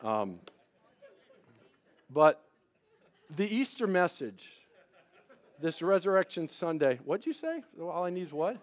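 A man's voice: fairly high pitch, big pitch swings, slow pace, long pauses. A man pastor preaching a sermon, shifting between conversational storytelling and emphatic preaching.

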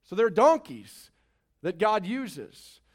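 A man preaching a Sunday sermon to a congregation, swinging between loud, drawn-out emphasis and hushed lines, with playful asides. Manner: expressive preaching, big swings in loudness and pitch, drawn-out dramatic phrases. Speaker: pastor. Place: church service before a congregation.

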